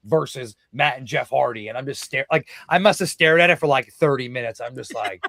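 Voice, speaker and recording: A young man, a guest wrestler, telling stories in a podcast interview, excited and full of swearing, shouting out the quotes he acts out. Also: medium pitch, a little fast, vocal fry, no echo. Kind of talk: casual storytelling in a podcast interview.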